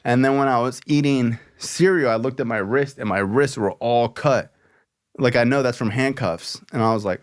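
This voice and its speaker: Here the podcast host talks a little fast at a medium pitch, chatting casually through a story. His delivery is animated as he voices the characters he quotes.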